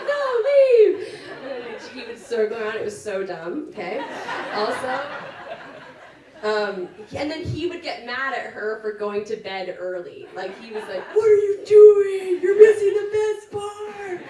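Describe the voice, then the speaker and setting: A woman, the bride, giving an emotional wedding speech, tearful and laughing through her words at a cottage party. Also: medium pitch. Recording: roomy sound from a distant mic.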